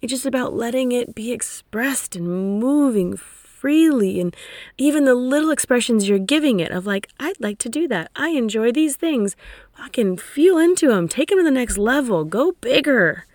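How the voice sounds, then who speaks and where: A woman hosting a motivational talk as a coach, energetic and emphatic, dropping casual swear words. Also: a little high, normal speed, no echo, studio quality. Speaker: coach and podcast host.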